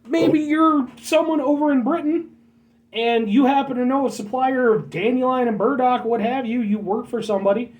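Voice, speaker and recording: A man's voice: very high-pitched, fairly even intonation, moderate pace, a little mellow, distant mic, rough recording. An American man hosting a casual vlog, rambling and joking as he talks to his viewers as folks. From United States. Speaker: vlog host.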